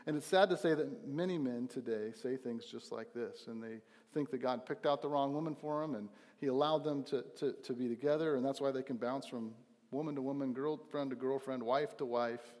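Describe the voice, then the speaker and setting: A man's voice: mid-range voice, brisk, hardly any pauses, darkish tone, long reverb tail. A young man preaching a sermon at his church, earnest and emphatic, often restarting his phrases. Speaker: pastor.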